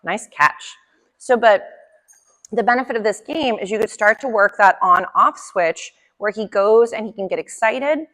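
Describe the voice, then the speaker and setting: A woman dog trainer explains her method in a friendly, chatty way, cheering the dog on as she goes. Her voice sits in an ordinary middle pitch. The recording carries a long, echoey room reverb. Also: fairly bright tone. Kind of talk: instructional demonstration.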